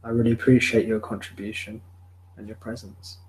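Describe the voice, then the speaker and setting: Gentle man guiding self-enquiry. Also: fairly low pitch, flat delivery, fairly quick, slight background noise. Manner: gentle, repetitive questioning. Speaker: spiritual teacher. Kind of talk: live satsang guidance. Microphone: video call or webcam.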